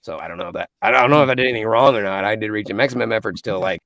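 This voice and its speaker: A man's voice: fairly low pitch, racing, no room sound. A man, a voice actor, chatting as a guest in an interview and telling stories with plenty of laughs. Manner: animated storyteller, laughs often. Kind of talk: casual interview chat.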